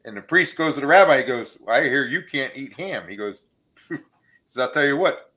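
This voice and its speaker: A man's voice: medium pitch, lively intonation, moderate pace, bright, forceful tone. A man hosting a casual podcast, telling jokes and laughing at his own punchlines. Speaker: podcast host.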